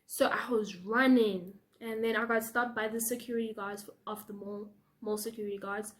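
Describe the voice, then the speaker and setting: A young woman with a South African accent, telling a storytime vlog in an animated way, laughing and acting out the people she quotes. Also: mid-range voice, moderate pace. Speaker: YouTuber.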